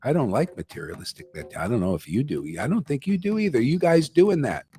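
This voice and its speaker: A man's voice: mid-range voice, sing-song, fast, dark tone. An older man giving a blunt, slangy devotional talk as a spiritual teacher, ranting and calling his listeners "man.". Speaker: spiritual teacher leading a chanting gathering.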